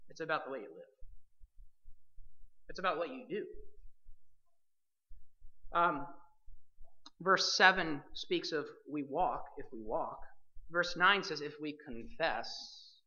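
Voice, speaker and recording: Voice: medium pitch, animated, slow pace, pauses often, pushed and bright, lo-fi sound. A preacher delivering a sermon with emphatic, direct address to the listeners as believers.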